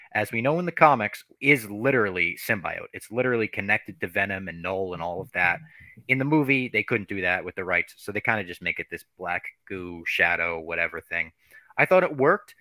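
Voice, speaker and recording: A man hosting a podcast, recapping a film in relaxed, chatty talk with some casual swearing. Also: lowish voice, no echo. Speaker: podcast host. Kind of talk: casual chat and movie recap.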